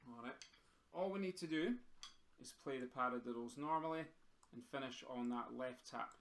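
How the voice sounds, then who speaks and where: A man's voice: medium pitch, moderate pace, fairly bright tone, a little hiss or hum. A man with a Scottish accent teaching pipe band snare drumming over a video call, encouraging his students and counting beats aloud as he plays. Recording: echoey room with snare drumming.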